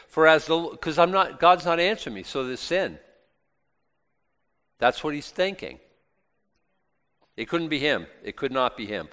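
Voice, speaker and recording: A man with a smooth, resonant voice teaches through scripture in a hall with a long echo. He reads the verses loudly and then drops his voice for sarcastic, casual comments on them. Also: medium pitch, animated, normal speed, long pauses. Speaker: Bible teacher. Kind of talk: Bible study teaching, reading scripture aloud.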